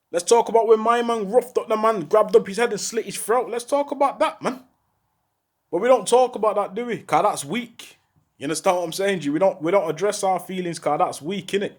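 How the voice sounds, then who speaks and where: Urgent high-voiced talker. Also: male voice. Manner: urgent, repeats rhetorical questions, heavy street slang. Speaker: former prisoner speaking out. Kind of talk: impassioned monologue to camera.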